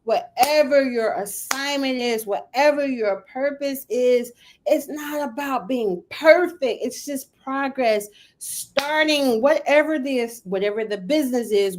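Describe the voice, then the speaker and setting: High-voiced, animated woman podcast host. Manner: animated, laughs often, acts out quoted voices; emphatic, repeats phrases for effect. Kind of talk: casual motivational podcast talk.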